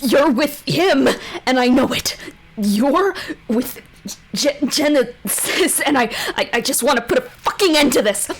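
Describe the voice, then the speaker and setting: A woman voicing a haunted woman adventurer who swears and shouts in desperation. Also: fairly high pitch, lively intonation, a little slow, slight background noise. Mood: furious.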